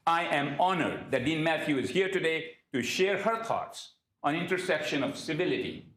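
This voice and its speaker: A man with a slightly raised pitch reads a formal introduction for a guest speaker. His voice rings through a roomy, echoing lecture hall, measured and prepared. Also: animated, a bit bright. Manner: reads from prepared remarks, occasional slips. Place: university event hall.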